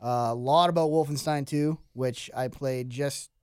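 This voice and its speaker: A man guesting on a podcast in casual chat, quick and matter-of-fact. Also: medium pitch, steady tone, darkish tone, smooth, no room sound.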